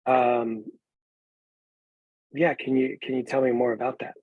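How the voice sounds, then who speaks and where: A man taking part in a coaching group, hesitant, with many pauses and fillers. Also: mid-range voice, little pitch movement, phone-quality sound.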